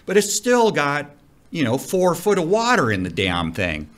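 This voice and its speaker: Animated middle-aged man spinning a story. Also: on the high side, measured pace. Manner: animated, profane, vivid storyteller. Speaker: commercial diving instructor. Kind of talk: casual storytelling interview.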